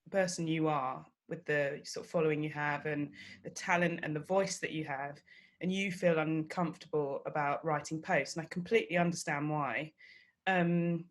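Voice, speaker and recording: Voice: mid-range voice, fairly even intonation, moderate pace. A person speaking thoughtfully and reflectively in a casual podcast panel discussion.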